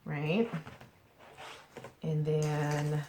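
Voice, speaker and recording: Low-voiced chatty woman vlogger. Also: completely flat delivery, extremely slow, dark tone. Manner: chatty, jokey, talks to the camera and her cats. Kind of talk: casual chat. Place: family room at home. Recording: echoey room, faint noise.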